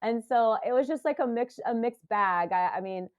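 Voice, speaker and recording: A woman's voice: fairly high pitch, moderate pace. A woman in her forties, a podcast guest, retelling an emotional experience with many hesitations and fillers. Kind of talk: casual interview storytelling.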